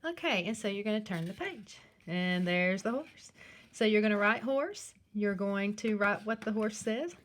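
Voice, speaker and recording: A woman teacher speaking slowly and clearly in a sing-song way to young children in a recorded class, with her questions jumping high. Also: animated. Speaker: primary school teacher. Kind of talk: recorded remote class lesson.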